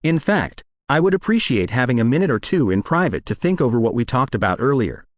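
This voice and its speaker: A man voicing a woman in therapy who speaks in a hesitant, halting way. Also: medium pitch, sing-song, dry recording, studio quality, close to an everyday voice.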